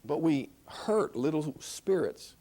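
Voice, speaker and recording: A man's voice: fairly high pitch, animated, takes it slowly, warm tone. A man teaching a Christian counseling class, emphatic, repeating key phrases and asking rhetorical questions. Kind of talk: classroom lecture.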